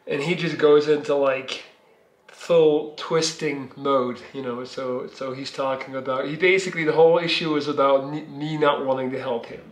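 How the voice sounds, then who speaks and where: A man's voice: a little high, fairly even intonation, normal speed, echoey room. A Belgian man, telling a long, rambling personal story in a casual vlog from his living room, swearing freely. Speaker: vlogger.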